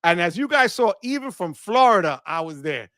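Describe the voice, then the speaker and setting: Bright, high-voiced excited stream host. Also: male voice, moderate pace, no echo, studio quality. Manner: enthusiastic, shouts "wepa" often. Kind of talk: live stream super chat shout-outs.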